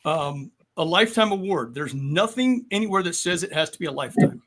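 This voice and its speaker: A man in his sixties, a military veteran guest, explaining things in a measured way with frequent pauses. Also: fairly high pitch, animated, fairly bright tone. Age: 60s. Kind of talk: podcast discussion.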